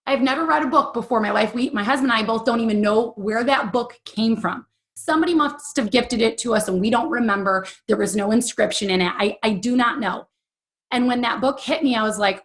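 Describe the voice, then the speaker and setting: A woman's voice: on the high side, fairly quick, fairly bright tone. A woman in her forties, an interview guest telling a candid personal story in an earnest, emotional, chatty way with many fillers. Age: 40s.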